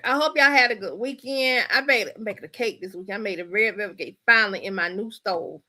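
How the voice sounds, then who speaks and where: A woman's voice: medium pitch, fairly quick, pushed and bright. A woman hosting a casual live stream, playful and chatty, greeting her viewers by name.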